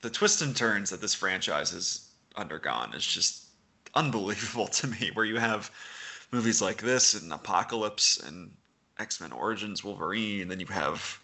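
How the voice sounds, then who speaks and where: A man with a strikingly bright, sharp voice co-hosts a casual film chat. He talks in a low register and breaks into frequent laughter between his points. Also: moderate pace, vocal fry. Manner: laughs often, animated asides. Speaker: podcast co-host.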